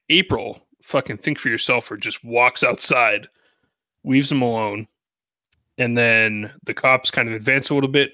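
A man with a bright, forceful voice recounts a cartoon plot beat by beat, tossing in jokey asides. His delivery is casual chat, recorded dry and close. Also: medium pitch, no room sound. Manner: narrates plot with jokey asides and quick impressions. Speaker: podcast co-host recapping the episode.

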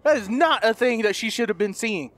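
A man doing playful let's play commentary, goofy and loud, who repeats lines and yells when startled. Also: lively intonation, brisk, dry recording. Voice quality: high-pitched comedic voice. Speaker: gaming YouTuber.

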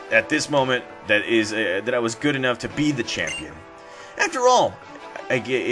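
A man's voice: mid-range voice, natural voice. A man reading out the lines of a gracious female league champion from a video game, stumbling over the words, with music playing behind. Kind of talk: reading game text aloud.

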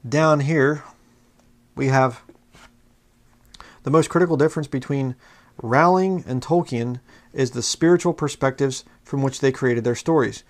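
A man's voice: medium pitch, measured pace, pauses often. A man talking passionately in a fired-up preaching manner, reading quotes aloud from books and mocking opposing views. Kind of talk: fiery religious commentary video.

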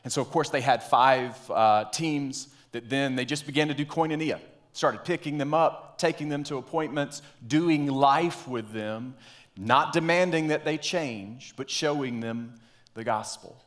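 A man preaching a sermon as pastor, telling a story and dropping into quiet, earnest tones. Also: mid-range voice, a little slow.

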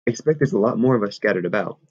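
A man's voice: on the low side, lively intonation, rapid-fire, a little mellow, slightly rough. A man reading aloud and voicing an anxious, chubby asthmatic schoolboy with eager, working-class talk. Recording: dull lo-fi recording.

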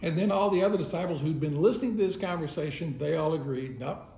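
A man's voice: fairly high pitch, fast, dark tone. A man teaching a Sunday school lesson in a casual, conversational way, often chuckling as he retells the story. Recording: roomy echo.

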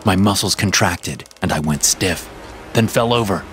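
A man with a very deep voice narrates a first-person thriller, measured and brooding. Music plays clearly under his reading. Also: fairly bright tone. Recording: clear music bed behind.

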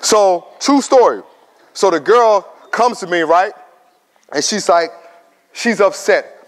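In a large school hall with long reverb, a guest speaker in his thirties gives high schoolers a motivational talk. He speaks slowly with long pauses, tells stories animatedly, acts out quoted voices, and banters with the crowd.

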